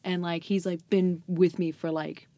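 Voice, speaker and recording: A woman's voice: on the low side, flat delivery, a little slow, dark tone, no room sound. A young adult woman in casual podcast chat, telling stories full of fillers and swearing and laughing often. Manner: filler-heavy storytelling, says "like" constantly, swears, laughs often. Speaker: guest.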